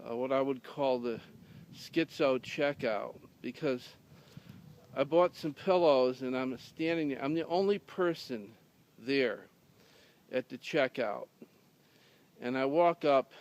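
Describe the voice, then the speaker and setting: A man tells a humorous story in a casual deadpan way, wandering through fillers and restarts. He speaks slowly and unhurriedly. His voice sounds smooth and clear, at a middle pitch. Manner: rambling, many fillers and restarts, dry delivery. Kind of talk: casual deadpan anecdote telling.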